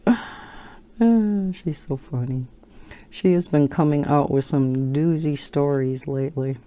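Older woman, coloring-channel host: low voice, slow and chatty, laughs easily. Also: dark tone. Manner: chatty and rambling, laughs often. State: holding a baby while talking. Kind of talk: casual chat while coloring.

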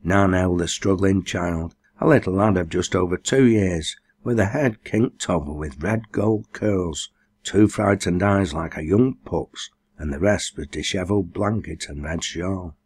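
A man's voice: low-pitched, unhurried, a little mellow, breathy edge. A man reading a novel aloud as an audiobook, raising his voice for the dialect dialogue. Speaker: audiobook reader. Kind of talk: scripted narration.

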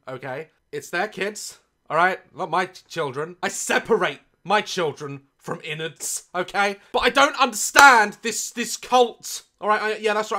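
A man hosting a comedic reaction video, loud and mocking, swearing often and laughing between rants. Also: sits high.

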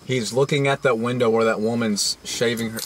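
A man's voice: mid-range voice, steady tone, brisk, slight background noise. A man hosting a casual vlog, rambling and joking crudely with many fillers and restarts. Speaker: vlog host.

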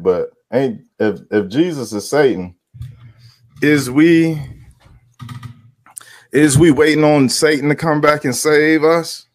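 A man rants to his viewers in heated, profanity-laced commentary. His voice sits at an ordinary middle pitch and he hammers his points by repeating them. The sound is close and dry. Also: a little mellow, dry recording. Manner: heated, emphatic, swears a lot, repeats himself; greets viewers by name. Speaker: vlogger.

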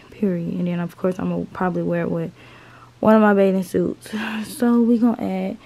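A young woman vlogging casually to her viewers, sick and hoarse with a raspy voice. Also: mid-range voice, mellow. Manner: talks straight to camera, addressing viewers as y'all. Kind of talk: casual vlog chat.

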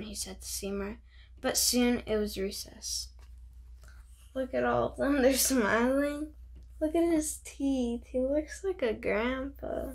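A woman reading a children's picture book aloud, bubbly and chatty, stopping to comment on the pictures. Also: on the high side.

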